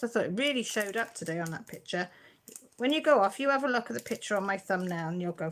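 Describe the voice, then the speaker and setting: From home, a craft channel host runs a casual live-stream chat, warm-hearted and emotional, close to tears as she thanks viewers. She talks fast at medium pitch with lively intonation.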